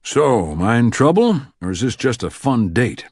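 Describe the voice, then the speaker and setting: A man's voice: medium pitch, big pitch swings, moderate pace, a little mellow, no room sound, pitched above the performer's own voice. A man voicing a dry, wry federal agent in an audiobook. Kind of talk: audiobook character voice.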